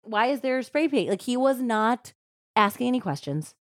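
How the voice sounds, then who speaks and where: A woman hosting a true crime podcast, retelling a case in a casual, animated way with lots of "like" fillers. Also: on the high side, normal speed, no room sound, studio quality. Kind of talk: casual storytelling chat.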